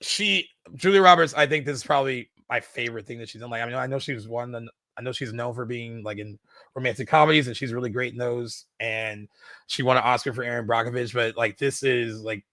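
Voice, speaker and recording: A man co-hosts a film podcast in easy conversation, his tone bright and forward. He keeps circling back with fillers and restarts as the thoughts come, and the sound is close and dry with no room around it. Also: medium pitch, brisk, no room sound. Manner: enthusiastic, many "like" fillers and restarts. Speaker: podcast co-host. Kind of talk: casual film discussion.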